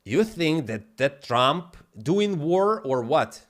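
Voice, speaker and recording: A man on a live stream launches into a heated, profane rant, hammering his points with blunt emphasis. His voice sits a little higher than most men's, and his grammar slips in a non-native way. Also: sing-song, takes it slowly. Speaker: livestream host.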